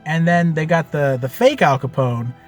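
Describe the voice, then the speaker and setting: A man telling the story of a tabletop game he ran as game master, in a loose, animated way with lots of fillers and casual swearing. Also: a little high, moderate pace, faint music behind.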